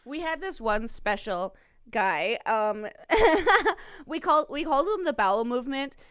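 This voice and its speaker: A woman's voice: high-pitched, very animated, unhurried, a bit bright, no room sound. A woman co-hosting a podcast, telling stories in blunt, profane casual chat. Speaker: podcast co-host.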